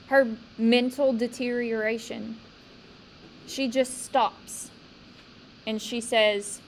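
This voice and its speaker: Woman teacher going over a poem with her class, slow, pretty high voice, bit of room hiss. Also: low-quality recording. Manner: slow, questioning, emphatic. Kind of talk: classroom poetry discussion.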